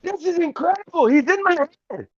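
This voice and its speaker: A player voicing Zedeka, an excitable adventurer, in a shrill, gushing, amazed voice during a tabletop game, on a dull lo-fi recording. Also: fairly quick, dry recording. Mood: thrilled.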